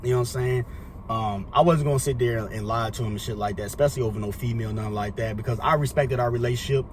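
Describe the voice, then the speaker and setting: A man's voice: mid-range voice, fast, slight background noise. A young man telling a casual storytime monologue, rambling and profane, full of slang fillers. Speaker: storyteller vlogger.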